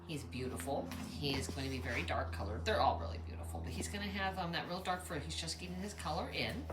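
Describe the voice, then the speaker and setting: Talking fast in a low voice, a woman breeder chats casually over home videos of her dogs and coos at the puppies. She's in her kitchen, which is under construction, and the sound is roomy with background noise.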